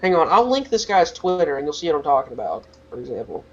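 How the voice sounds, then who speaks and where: A man's voice: a little high, very animated, fast talker, fairly bright tone, dull audio, slight background noise. A teenage boy co-hosting a podcast, talking in a rambling casual rant full of "like" fillers. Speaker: podcast co-host.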